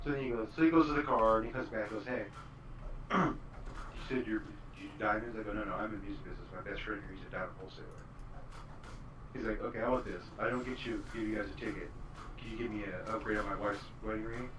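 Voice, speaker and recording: A man chatting casually, rambling through a story at a quick clip. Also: on the low side. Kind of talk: casual chat. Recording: roomy echo, distant mic, noise.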